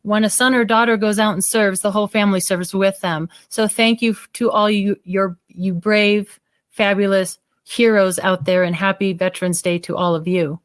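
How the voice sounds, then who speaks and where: A woman's voice: medium pitch, fairly even intonation, moderate pace. Earnest woman radio host. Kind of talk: casual radio chat.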